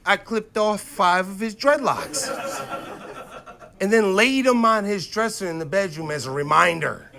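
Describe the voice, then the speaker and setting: A man in his thirties doing a profane stand-up comedy set, swinging between loud outbursts and low, muttered asides. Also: a little slow, gravelly. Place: comedy stage before a live audience.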